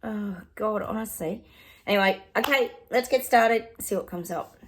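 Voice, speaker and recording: A woman's voice: medium pitch, normal speed, a little hiss or hum. An Australian woman, middle-aged, chatting through psychic predictions in a rambling way with lots of ums and asides. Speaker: psychic medium. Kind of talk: casual livestream predictions.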